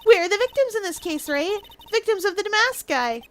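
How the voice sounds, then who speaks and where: A woman voicing an excitable young woman who protests insistently. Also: very high-pitched, moderate pace, slight background noise, voice pushed up. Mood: indignant.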